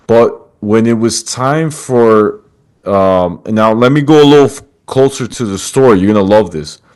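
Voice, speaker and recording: This man's voice is fairly low and a little mellow. He's hosting a podcast over video call, casually retelling a story full of quoted lines while addressing his guest as brother.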